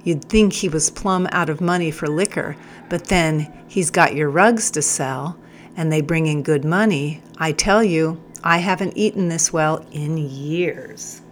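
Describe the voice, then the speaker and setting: A woman puts on a sly male prisoner for an audiobook, drawling his words slowly with a teasing edge. The voice sits a little low. A faint hiss runs under it. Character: wry older male prisoner, sly and joking.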